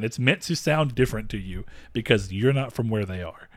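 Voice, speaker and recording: A man's voice: mid-range voice, expressive, moderate pace, a bit bright, dry recording, studio quality. A young man from the American South co-hosting a podcast, chatting casually and rambling with many fillers and frequent laughs. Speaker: podcast co-host. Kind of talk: casual chat.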